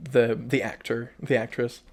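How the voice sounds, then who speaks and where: A man co-hosting a casual podcast at an ordinary mid pitch. He speaks in halting bursts, stumbling over and repeating his words before he finishes a thought. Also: level tone, darkish tone. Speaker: podcast co-host. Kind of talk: casual chat.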